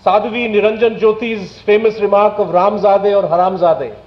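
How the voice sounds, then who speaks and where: A man with an Indian English accent speaks at a public talk in a fairly high voice, building his points through pointed rhetorical questions. The sound is dull and lo-fi. It echoes around a large hall. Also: fairly even intonation. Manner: indignant, rhetorical questions, measured emphasis. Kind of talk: public lecture. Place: lecture hall.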